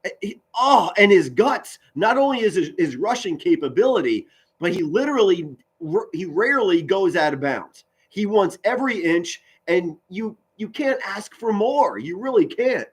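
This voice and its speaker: Man, amateur play-by-play caller, slightly high voice, excitable, stumbles over words. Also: moderate pace, husky. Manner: excitable, pitch rising on big plays, stumbles and repeats words. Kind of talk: live play-by-play commentary with chat.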